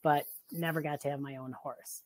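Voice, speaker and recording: A middle-aged woman, a family therapist, speaks over a video call in a casual interview, earnest and reflective and quick to laugh. Her low, darkish voice has fairly even intonation at a normal speed, with no room sound.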